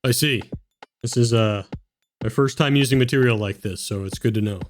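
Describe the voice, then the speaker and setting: A man's voice: medium pitch, moderate pace. An eager man taking part in a tabletop game, with a voice in a middle range. He talks in a chatty, loose way and tends to trail on. Faint noise hums in the background. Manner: eager, chatty, often laughing. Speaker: player.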